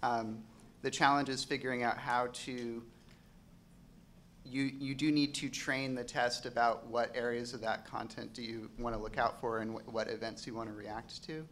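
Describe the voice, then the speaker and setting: A man's voice: medium pitch, level tone, normal speed, a bit bright, a little hiss or hum. A man on a conference panel answering audience questions with technical explanations.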